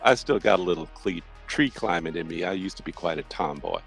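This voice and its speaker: A genteel Southern lady with a warm Southern US drawl, folksy and polite. Her voice sits low and swings widely in pitch, with a gravelly edge, as a man puts her on at the game table. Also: lively intonation, brisk, faint music behind. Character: genteel Southern belle lady, middle-aged, friendly and bold.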